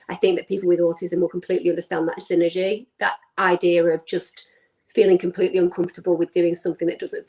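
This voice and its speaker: A woman's voice: on the low side, darkish tone, low-quality recording. A woman psychologist speaking as an interview guest, fluent and emphatic. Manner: fluent, articulate, emphatic with repetition. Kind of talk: conversational interview.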